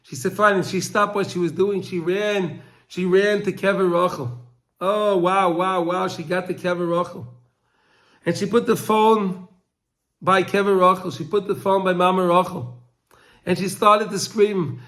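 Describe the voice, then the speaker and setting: Male Torah teacher, high voice, emotional storytelling, stumbling repeats, acts out cries. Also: steady tone, unhurried, a bit bright. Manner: emotional storyteller, repeats words and restarts, cries out quoted pleas.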